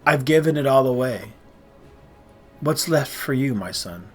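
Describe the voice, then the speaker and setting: A man's voice: medium pitch, lively intonation, measured pace, husky, soft background music. A man reading aloud and voicing an old blind father who questions anxiously in a raised voice. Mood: distressed.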